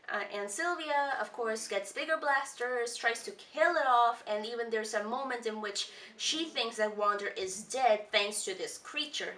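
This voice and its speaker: A woman casually recapping a cartoon episode, chatty and rambling with fillers and excited quoted lines. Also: fairly high pitch. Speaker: vlogger reviewing a cartoon episode. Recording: roomy, distant home mic.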